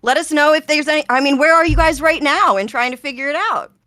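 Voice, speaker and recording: A woman's voice: high voice, fast, pushed and bright. A woman playing a tabletop game, laid-back and wry. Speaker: player.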